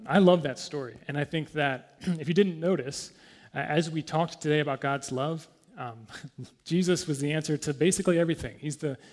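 Man preaching in an echoing hall. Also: a little high. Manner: conversational, many fillers, clears throat often. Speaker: pastor. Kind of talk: sermon.

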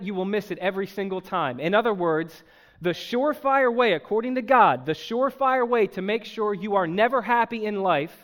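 A pastor delivering a sermon to his congregation, emphatic and animated, with joking asides. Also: high voice. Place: church.

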